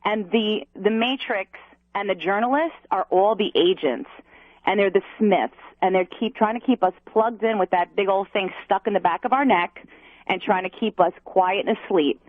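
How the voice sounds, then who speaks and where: A woman's voice: medium pitch, normal speed, no room sound. Female radio caller, talkative and effusive, heard through a thin phone line. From New York. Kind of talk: call-in radio chat.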